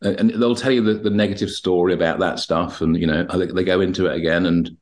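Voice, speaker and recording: A man with a fairly low voice, talking as a hypnotherapist on a podcast. He rambles through anecdotes about his clients and slips into their voices and his own replies as he retells each session. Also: steady tone, quick pace, a little mellow. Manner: rambling, acts out dialogue when retelling sessions. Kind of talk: podcast interview, anecdotal storytelling.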